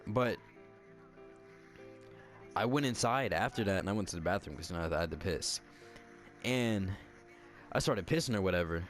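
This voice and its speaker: A young man with a fairly low voice rattles through a story, packed with slang and swearing. He talks loosely and animatedly, as if chatting to friends. Music plays clearly behind him. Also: expressive, moderate pace, pauses often. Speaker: vlogger. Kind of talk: casual storytelling. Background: background music.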